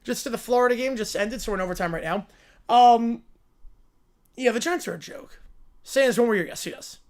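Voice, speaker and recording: A man hosting a livestream in casual chat. He talks in a quick, offhand, opinionated way. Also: extremely high pitch. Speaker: livestream host.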